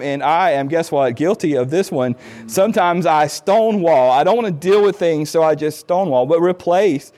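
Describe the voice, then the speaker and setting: Middle-aged man, high voice, earnest conversational talk on marriage, acts out quoted lines. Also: darkish tone. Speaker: speaker on marriage. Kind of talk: informal talk on marriage advice.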